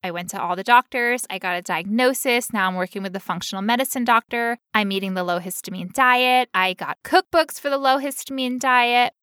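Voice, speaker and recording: Candid, bright-voiced young woman podcaster. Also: fairly high pitch, fairly quick, few pauses, smooth, dry recording, clean studio sound. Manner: candid and expressive, with frequent laughs. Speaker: podcast co-host. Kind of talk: personal, emotional podcast talk.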